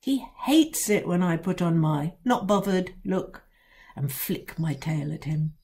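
A woman author reading her own children's book aloud in a wry, sly first-person storytelling voice with dramatic pauses. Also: sits low, animated, mellow.

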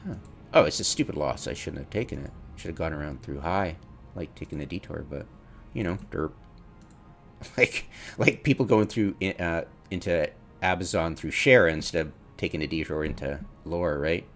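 A man's voice: deep voice, moderate pace, a bit bright, faint music behind. A man commenting on his own gameplay, mocking his mistakes, laughing often and acting out his inner voice. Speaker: gamer streamer.

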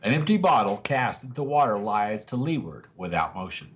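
A man's voice: fairly low pitch, very animated, brisk, highs cut off, a little hiss or hum. A man reading a classic adventure novel aloud to a family audience with dramatic narration. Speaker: family story reader.

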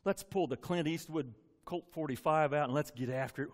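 A man's voice: fairly high pitch, expressive, normal speed, vocal fry. Folksy pastor man in an echoing church. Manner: conversational, folksy, repeats words and restarts. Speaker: senior pastor. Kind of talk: sermon. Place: church sanctuary. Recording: long reverb of a church sanctuary.

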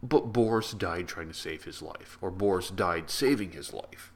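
Deep-voiced man reviewing a film. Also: normal speed, slightly rough. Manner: rambling, heartfelt, many restarts. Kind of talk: casual vlog monologue.

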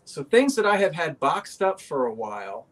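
A man co-hosts a live sale in a warm, folksy manner. His voice sits a little high. He sounds gently enthusiastic as he talks to viewers. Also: sing-song, normal speed. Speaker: auction co-host. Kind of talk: live online auction chat.

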